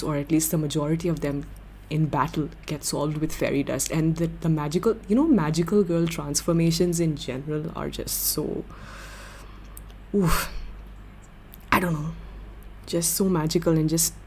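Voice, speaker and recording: A young woman hosting a livestream, chatting with viewers in an excitable, giggly way. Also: low voice, moderate pace, a little hiss or hum. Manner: excitable, giggly, gushing fan talk. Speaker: livestream host. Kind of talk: casual chat with viewers.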